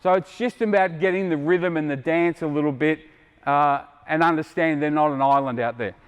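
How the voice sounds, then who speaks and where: Blunt Australian coach in a gym. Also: male voice, fairly high pitch, moderate pace, clear, resonant tone. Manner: quizzing players, blunt and joking. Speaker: basketball coach. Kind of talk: on-court coaching clinic. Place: indoor basketball court. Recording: long hall reverb from a gym.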